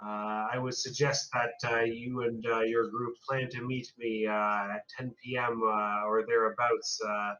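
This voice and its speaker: A composed, formal woman researcher in a tabletop horror game, as a man puts her on. She speaks in careful, halting phrases broken by many pauses. The voice sounds distant and a little dull through a lo-fi mic. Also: medium pitch, flat delivery, sharp tone. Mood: measured. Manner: formal, hesitant speech full of "uh".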